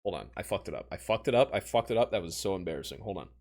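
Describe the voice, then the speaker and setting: A man's voice: low voice, lively intonation, very fast, a little mellow. A young man from Missouri chatting casually with his livestream audience, self-mocking and talking straight to chat.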